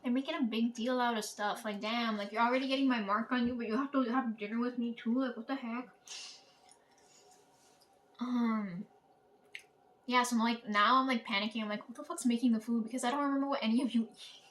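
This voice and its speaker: Her voice on the high side and a bit bright, a channel host tells a story at a fairly quick, steady clip, pausing often. She's chatty and profane, laughing as she goes, and she sounds somewhat far from the microphone.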